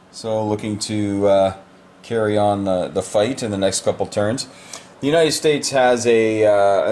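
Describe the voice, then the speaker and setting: A man's voice: lowish voice, darkish tone, a little hiss or hum. A man casually walking through the state of a board game, explaining moves in a loose, rambling way with many fillers.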